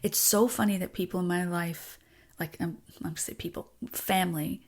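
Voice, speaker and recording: A woman songwriter and author in a candid personal conversation, talking frankly and emotionally, swearing, with halting restarts. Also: lowish voice, steady tone, a little mellow.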